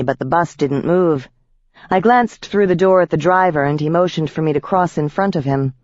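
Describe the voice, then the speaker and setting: A woman narrating a first-person audiobook with a wry, lively storytelling manner. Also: low voice, no echo, muffled recording.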